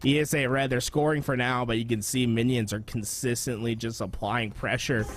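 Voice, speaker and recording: A man giving relaxed, chatty live commentary on a competitive shooter match, bantering with his co-caster. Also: medium pitch, normal speed. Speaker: esports color commentator. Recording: noisy broadcast with game gunfire behind. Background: game gunfire and clicks.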